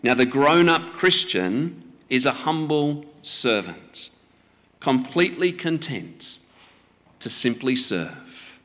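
A man preaching a sermon in a measured, gently teaching way. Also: mid-range voice, lively intonation, big-room sound.

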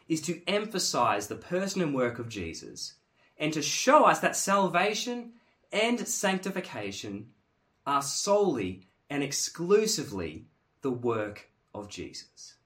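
A man delivers a sermon in a fairly high voice that rises and falls a great deal. He is earnest and emphatic, dropping low and quiet before pressing key words hard. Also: sing-song, measured pace. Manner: earnest, emphatic, swings from hushed to forceful. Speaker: preacher.

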